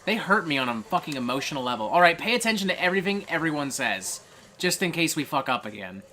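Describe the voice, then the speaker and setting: Foul-mouthed, excitable streamer with a lively voice. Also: medium pitch, fast talker, a little hiss or hum. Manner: profane, excitable rants; reads viewer chat aloud. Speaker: streamer host. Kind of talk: casual live gameplay stream chat.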